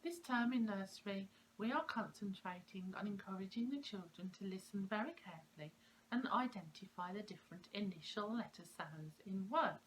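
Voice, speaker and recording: A woman, a preschool teacher explaining classroom activities to parents, clear and slow, stressing the sounds of words. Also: mid-range voice, sing-song, slight background noise, low-quality recording.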